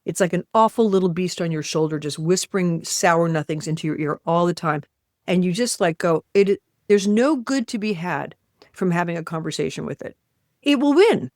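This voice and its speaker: On a dry, studio-quality recording, a lowish-voiced woman speaks at normal speed. As an author guesting on an interview, she runs a guided exercise bluntly and emphatically, cursing without restraint and animatedly performing quoted voices.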